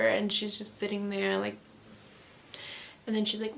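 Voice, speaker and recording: A woman's voice: on the high side, steady tone, fairly quick, vocal fry, a little hiss or hum. A young woman vlogger telling an upsetting personal story, rambling with many fillers and quoting her family as she goes. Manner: rambling, filler-heavy, upset retelling with quoted dialogue. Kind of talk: emotional storytime vlog.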